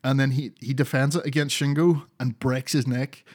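A man's voice: mid-range voice, steady tone, normal speed, a little mellow, slightly rough. A man co-hosting a podcast, chatting casually about wrestling, rambling, swearing often and laughing a lot. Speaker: podcast co-host.

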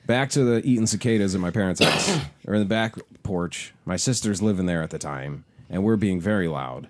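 A man's voice: low voice, expressive, brisk. A man in his thirties, co-hosting a casual chat, telling rambling, profane stories and laughing often. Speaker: podcast co-host.

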